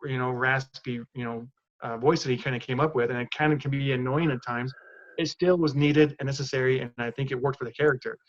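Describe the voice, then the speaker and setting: A mid-pitched male co-host chatting casually on a podcast. He sounds laid-back and hesitant, and his voice comes through a slightly dull, lo-fi recording. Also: fairly even intonation, fast talker. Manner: laid-back, hesitant, often says "you know what I mean".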